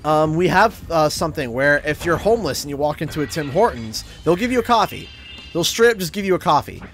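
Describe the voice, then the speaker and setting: A man's voice: a little high, a little fast, soft background music. A man streaming a game, telling a story casually and acting out what other people said. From Canada. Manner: animated, acts out other people's lines in changed voices. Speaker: gaming streamer.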